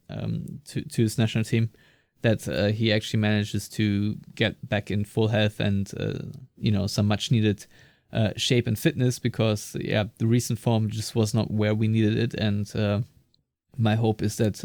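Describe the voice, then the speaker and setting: Man, podcast co-host, low flat voice, halting, fillers, dry close sound. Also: no echo. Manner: hesitant, many fillers and restarts. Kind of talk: casual podcast discussion.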